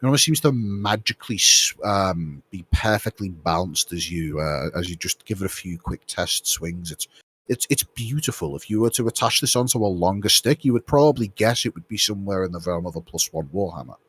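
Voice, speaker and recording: A man with a low, husky voice narrates a tabletop game as game master. His pitch moves a lot, and he often restarts his phrases. The recording is dry and close. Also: expressive, a bit bright. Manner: halting, with many fillers and restarts.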